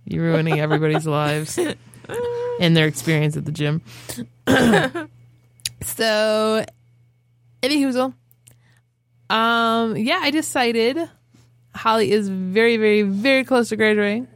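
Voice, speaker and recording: A woman's voice: medium pitch, fairly even intonation, a little slow, pauses often, no room sound, studio quality. A woman hosting a podcast in casual chat, jokey and playful, swearing freely. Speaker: podcast host.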